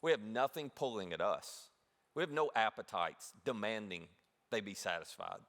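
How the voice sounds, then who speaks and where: A man preaching a sermon as pastor, telling a story with animated delivery and asking the audience questions. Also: lowish voice, moderate pace. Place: large church hall. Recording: long reverb of a big hall.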